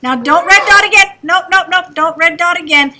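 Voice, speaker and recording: A woman's voice: very high-pitched, moderate pace, pushed and bright. A woman teaching a kindergarten class, talking in an encouraging sing-song way to small children. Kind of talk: classroom instruction.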